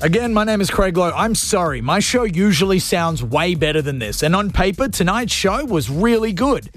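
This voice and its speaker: A man's voice: high voice, big pitch swings, moderate pace, faint music behind. A man hosting a radio call-in show, tired from no sleep, goofy and self-mocking.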